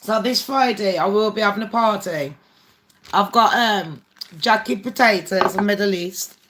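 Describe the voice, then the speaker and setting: A woman's voice: mid-range voice, normal speed, a bit bright, a little hiss or hum. A woman hosting a casual live stream, chatty, swearing freely and laughing often. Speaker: livestream host.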